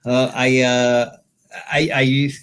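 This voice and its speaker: A man's voice: medium pitch, flat delivery, takes it slowly, fairly bright tone, clean tone. A man who is a podcast guest, chatting in an easygoing way with short, agreeing replies. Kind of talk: casual interview chat.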